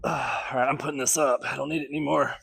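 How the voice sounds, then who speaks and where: A man's voice: mid-range voice, steady tone, quick pace, vocal fry, a bit bright, slightly rough. A young man from Alabama chats straight to the camera as he works through a kettlebell routine at home. He sounds winded and keeps things loose and joking, counting down each round. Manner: laid-back, joking, counting reps between sets. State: out of breath. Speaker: fitness vlogger. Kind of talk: casual workout follow-along chat.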